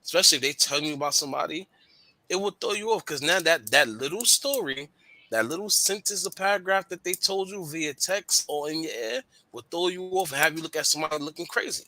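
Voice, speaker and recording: A man's voice: on the high side, fairly quick, dry recording. A man co-hosting a radio talk show, talking candidly in slangy casual chat. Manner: candid, slangy, animated storytelling.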